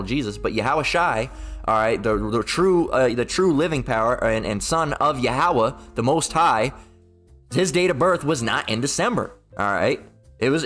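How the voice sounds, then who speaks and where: A man in a fired-up religious rant, his voice of middle pitch, looping back on his points and swearing as he goes. He reads passages out and argues with them, tagging lines with "okay?" A faint strain of music sits behind him. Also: a bit bright. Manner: heated, repetitive, swears, calls out "okay?" and "man"; reads passages aloud and comments. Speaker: religious video host. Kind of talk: ranting commentary.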